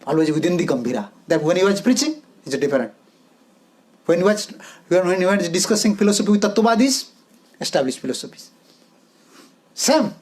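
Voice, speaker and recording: Spiritual teacher, male, high pitch, forceful repetitive delivery in simple English. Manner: emphatic, repeats short phrases, simple English grammar. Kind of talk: devotional lecture.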